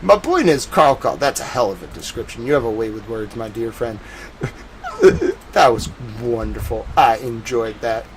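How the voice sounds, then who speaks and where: A man with a Boston accent, a live news streamer talking casually to his chat in a soft, drawling way with lively swoops in pitch. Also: moderate pace, few pauses, noisy background. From New England.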